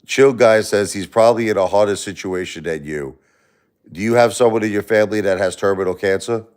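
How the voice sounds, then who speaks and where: Ranting at a chat commenter, this man hosting a live stream talks briskly, lecturing and insulting with lots of swearing. His delivery lurches from loud outbursts down to low muttering.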